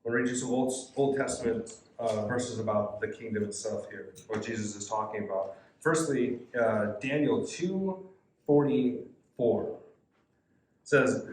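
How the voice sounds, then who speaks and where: A man's voice: medium pitch, unhurried, slight background noise. A man teaches a youth Bible study in a casual, conversational way. He reads verses aloud and then talks through them in a mid-range voice. The room adds a roomy echo. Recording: echoey room.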